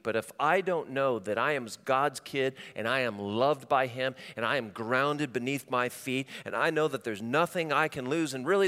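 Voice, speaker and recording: A man preaching a sermon to a congregation, swinging from loud animated stretches to quiet, intimate ones. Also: medium pitch, clear, resonant tone, in a large hall. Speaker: pastor.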